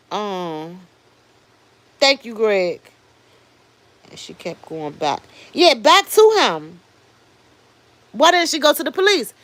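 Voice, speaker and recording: A woman in her fifties hosts a casual livestream and gives her opinions bluntly. She swears freely and stops to answer viewers. Her voice sits fairly high, and the sound is dry and close. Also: bright, forceful tone, no room sound. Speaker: livestream host. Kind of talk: casual commentary.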